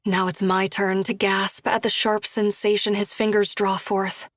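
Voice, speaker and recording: A woman reads a first-person audiobook in a soft, even voice that rarely moves in pitch. The sound is dry and close, with no room around it, and her dialogue falls to a hushed whisper. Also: unhurried, few pauses, dry recording. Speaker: audiobook narrator.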